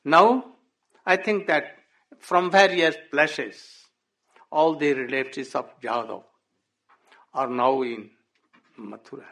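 Man, devotional storyteller, halting English, slow, gravelly voice. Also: mid-range voice, a bit bright. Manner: halting English with frequent "oh" and "hmm?". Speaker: religious storyteller.

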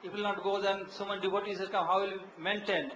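A man's voice: high-pitched, level tone, fast talker, a bit bright, highs cut off, slight background noise. An older man, a monk telling devotional stories about his guru, laughing often and acting out the voices he quotes. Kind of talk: devotional storytelling talk. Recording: echoey room.

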